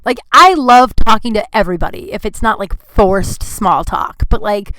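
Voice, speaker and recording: A woman's voice: medium pitch, moderate pace, few pauses, a bit bright, dry recording. A woman hosting a podcast, telling a story in a casual, grumpy monologue full of "like" fillers. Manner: chatty, heavy use of "like" fillers; grumpy, complaining tone. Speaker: podcast host.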